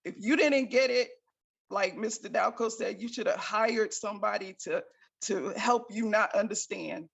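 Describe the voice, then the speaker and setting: A woman's voice: medium pitch, moderate pace, creaky, breathy edge. A woman caller giving a grateful, effusive testimonial on a group call.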